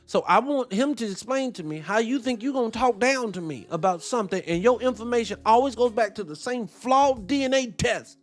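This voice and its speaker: A man hosting a show, reacting to a debate clip with animated, profane commentary and rhetorical questions. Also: very high-pitched, brisk, few pauses, faint music behind. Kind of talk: heated commentary.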